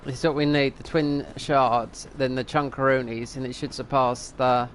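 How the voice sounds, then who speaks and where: A man's voice: medium pitch, flat delivery, normal speed, a bit bright, a little hiss or hum. A middle-aged man, rambling and thinking aloud as he comments on a game, now and then swearing at it. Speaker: streamer. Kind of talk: casual gameplay commentary.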